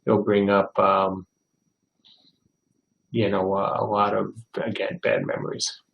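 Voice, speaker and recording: Older male studio head for a livestream Q&A, gravelly voice, reads viewer questions aloud and rambles through anecdotes, recorded in an echoey room. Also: fairly low pitch, completely flat delivery, slow pace, dull audio. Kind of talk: casual livestream Q&A. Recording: roomy echo.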